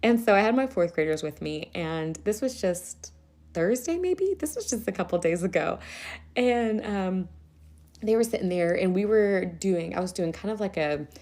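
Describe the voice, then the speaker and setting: A woman in her thirties, a podcast host and teacher, telling stories in a casual chat, animated and often laughing. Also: normal speed. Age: 30s. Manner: animated, laughs often, raises pitch to quote kids.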